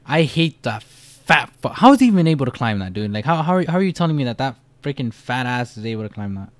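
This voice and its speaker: A young man talks through a horror game in loose let's-play commentary, cursing and rambling. He startles easily, and his pitch leaps up when he panics before dropping back to a mutter. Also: very animated, fast, no room sound. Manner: jumpy, profane, rambling reactions. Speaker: gamer.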